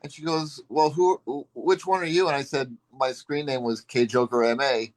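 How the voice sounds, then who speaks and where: A man's voice: medium pitch, moderate pace, no echo, low-quality recording. Plain-voiced man telling a fan story. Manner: relaxed storyteller with frequent "um" and "uh". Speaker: longtime fan, group member. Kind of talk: casual video chat storytelling.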